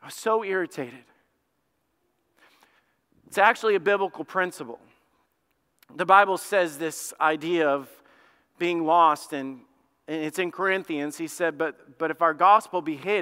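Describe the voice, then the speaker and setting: A man, a pastor, telling a lively story in a sermon and acting out both sides of it. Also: fairly high pitch, a little slow, long pauses, clean tone, big-room sound. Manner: animated, acts out both sides of his own story. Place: church sanctuary.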